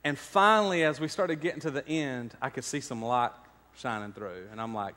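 A man's voice: medium pitch, normal speed, few pauses, pushed and bright, big-room sound. A man, preaching a sermon, telling stories and building to emphatic points. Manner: storytelling, rising to emphatic preaching. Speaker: pastor. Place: church sanctuary.

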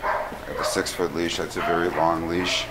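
A man with a low, deep voice films himself training a dog indoors at a kennel. He speaks in calm, even commands and steady praise, explaining each step as he goes. Heavy background noise and dogs barking fill the camera-mic recording. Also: normal speed. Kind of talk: filming a training session and explaining. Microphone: handheld camera mic.

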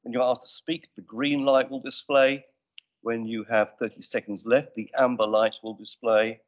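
Guy chairing a council meeting, brisk n businesslike, dull lo-fi stream sound. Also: medium pitch, flat delivery. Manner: brisk, businesslike with dry asides. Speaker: committee chair. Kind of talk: formal meeting procedure. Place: council chamber. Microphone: desk microphone.

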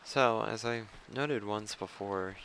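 A man's voice: on the low side, takes it slowly, a bit bright, slight background noise. A man giving casual, rambling commentary while playing a video game, thinking aloud and poking fun at himself. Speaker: let's play commentator.

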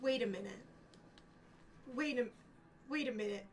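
A young woman streaming a game live, excitable and gushing with delight at her viewers. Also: a little high, measured pace, slight background noise.

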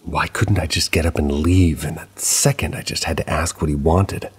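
A male narrator recounts a paranormal tale in a relaxed, chatty way, dropping in offhand asides. His voice is extremely deep and gravelly, with a husky, breathy edge. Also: moderate pace. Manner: casual, conversational retelling with asides. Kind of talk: first-person storytelling narration.

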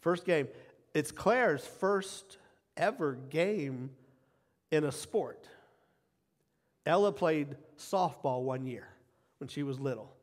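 A man's voice: on the high side, animated, slow, long pauses. Emphatic middle-aged male pastor, echoing hall. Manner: emphatic, repeats key phrases, swings from quiet asides to loud cheering. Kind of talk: sermon. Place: church sanctuary. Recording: long hall reverb.

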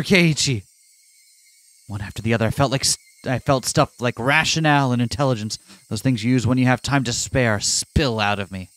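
Dude reading a visual novel out loud for a let's play, dramatic narration then jokey asides, normal mid voice. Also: male voice, medium pitch, dry recording. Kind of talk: reading a visual novel aloud with casual commentary.

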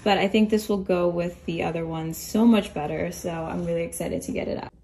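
Chatty young woman with a slight fry. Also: lowish voice, steady tone, a little fast, dark tone. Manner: chatty, upbeat, addresses viewers as "you guys". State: a little congested. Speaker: vlogger. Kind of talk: casual vlog chat to camera. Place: apartment indoors.

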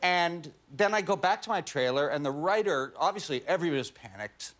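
A man's voice: on the high side, a little fast. A man in his forties, a guest actor telling a self-mocking anecdote on a talk show. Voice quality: animated, self-mocking storytelling.

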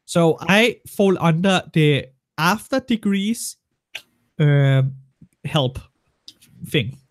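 Man in his twenties, higher voice, blunt and crude, swears a lot, dry close sound. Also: animated, drawn-out words, no room sound. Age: 20s. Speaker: guest on a stream. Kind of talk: casual banter on a livestream.

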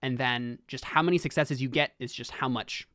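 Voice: medium pitch, moderate pace, fairly bright tone, no room sound, clean studio sound. A game master running a tabletop role-play game, explaining rules and often restarting sentences.

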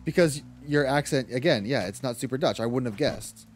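A man's voice: mid-range voice, a little fast, faint music behind. An Irish man livestreaming a game, chatting casually with his viewers, laughing often and cursing at the game. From Ireland. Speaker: streamer. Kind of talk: casual gaming livestream chat.

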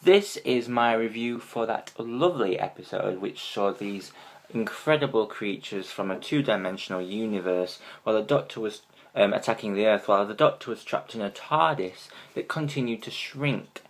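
A man giving a casual fan review of a TV episode, excitable and gushing, with many ums. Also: lowish voice, moderate pace.

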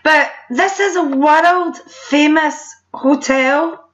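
A woman's voice: high-pitched, very slow, fairly bright tone. A middle-aged Scottish woman giving a chatty presentation over photos, with laughing, apologetic asides. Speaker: presenter at a sales meeting. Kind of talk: presentation showing holiday photos. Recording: dull lo-fi recording.

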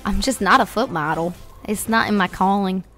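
A woman's voice: medium pitch, normal speed, fairly bright tone, faint music behind. A woman streamer casually chatting with her viewers while playing a game, blunt and talkative, now and then swearing. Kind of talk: casual live-stream chat while gaming.

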